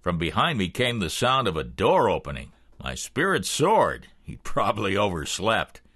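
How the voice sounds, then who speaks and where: A man narrating a thriller audiobook in the first person with expressive storytelling. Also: lowish voice, moderate pace, no room sound, clean studio sound.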